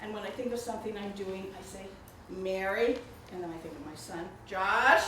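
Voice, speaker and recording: A woman's voice: medium pitch, moderate pace. A woman of older age giving a chatty, laughing introduction at a book reception. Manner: warm, chatty, laughs often. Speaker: speaker introducing the author. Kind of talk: casual spoken introduction at a book event. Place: indoor reception room. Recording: echoey room, mic far off, noisy.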